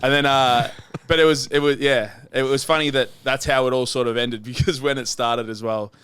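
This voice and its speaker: A man's voice: medium pitch, steady tone, a little fast, fairly bright tone, smooth, no room sound. A young Australian man hosting a casual podcast, telling loose, sweary stories. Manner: loose, sweary storytelling with laughs. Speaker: gym owner and podcast host.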